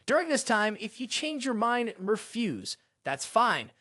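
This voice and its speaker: A haughty male butler who sneers and talks down to a poor family, voiced by a recap narrator. The tone drips with sarcasm, and the pitch swings widely. The sound is dry and close, with no room around it. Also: very animated, unhurried, sharp tone, no room sound, full character voice. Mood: warning. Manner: sarcastic, condescending. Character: arrogant, mocking male noble's butler.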